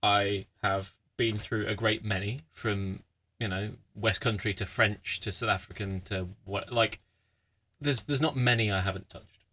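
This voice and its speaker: A man co-hosting a podcast, talking in a reflective, halting way with many restarts. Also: lowish voice, steady tone, pushed and bright. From United Kingdom. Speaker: podcast co-host. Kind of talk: casual chat.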